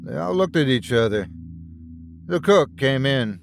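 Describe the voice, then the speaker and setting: A man narrating a scripted story in an expressive, dramatic way. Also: medium pitch, a little slow, gravelly, long pauses, faint music behind. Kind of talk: scripted horror story reading.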